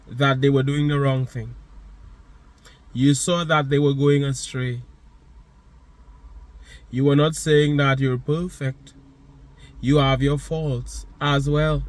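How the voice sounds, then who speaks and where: A man giving a motivational monologue, speaking to the listener directly with emphatic, repeated phrases. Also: on the high side.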